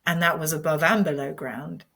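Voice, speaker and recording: A woman's voice: sits low, moderate pace, creaky. A woman in her fifties, a podcast guest telling a personal story in an earnest, candid way. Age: 50s. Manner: earnest and candid, animated when retelling.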